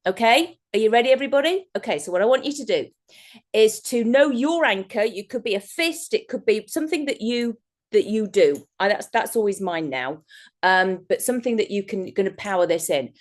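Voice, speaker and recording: A guest speaker on a video call, this woman talks a little fast in a medium-pitched voice, animated as she presents an online workshop. Her talk is chatty and rambling, often breaking into laughter.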